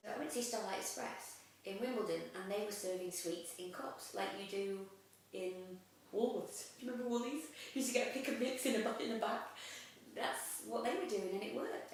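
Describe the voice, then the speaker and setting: A woman's voice: mid-range voice, a little hiss or hum. Chatty young woman, lots of ums and laughs, far off in a very echoey room. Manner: chatty and lively, laughs often, many "um" fillers. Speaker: actress guest. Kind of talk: casual interview chat. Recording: echoey room, mic at a distance.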